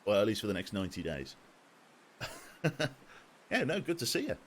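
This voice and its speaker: A man's voice: fairly low pitch, huge pitch swings, normal speed, fairly bright tone, husky. A man in his twenties chatting casually on a live game stream, jokey and self-deprecating, swearing casually. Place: home room. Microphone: desk microphone.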